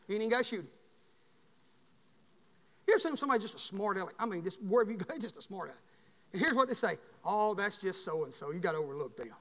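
Impassioned male preacher with a folksy delivery; high-pitched, recorded with a long church-hall echo. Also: fairly bright tone. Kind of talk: sermon.

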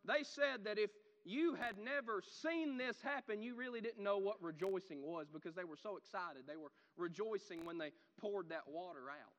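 A man preaching a sermon, animated, swinging from loud shouts to quiet asides. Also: high voice, in a large hall.

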